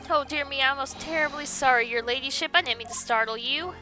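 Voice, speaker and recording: A woman voicing an excitable, bumbling male police inspector who blusters and gushes. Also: sits high, a little fast, soft background music. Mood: blustering. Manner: blustering, gushing. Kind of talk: game dialogue read aloud.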